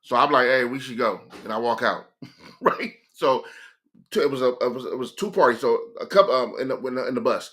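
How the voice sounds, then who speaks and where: Streamer from California, casual storyteller, bright and tense voice, slangy delivery. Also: male voice, mid-range voice, fairly quick. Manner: animated, slangy, stop-and-start.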